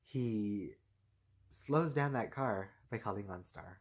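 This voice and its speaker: A man's voice: fairly low pitch, takes it slowly. Rambling casual man recapping a show. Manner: rambling, heavy filler "like" and "and stuff like this"; laughs often while talking. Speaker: TV episode recapper.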